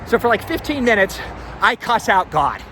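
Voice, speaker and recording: High-voiced young man telling a personal story. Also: moderate pace. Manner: candid, animated storytelling with restarts and frequent "like". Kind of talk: self-recorded personal storytelling. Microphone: self-recording on a phone or camera. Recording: outdoor recording with traffic noise.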